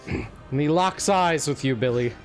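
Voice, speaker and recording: A man running a tabletop game as dungeon master, narrating slowly with lots of fillers. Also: medium pitch, vocal fry, faint music behind. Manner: slow, hesitant narration with fillers.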